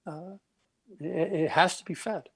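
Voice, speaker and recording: A man in a podcast conversation, retelling stories with lively energy and putting on the voices of the people he quotes. His voice sits a little higher than most men's. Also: a little slow, vocal fry, slightly rough. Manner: animated storytelling, acts out quoted voices.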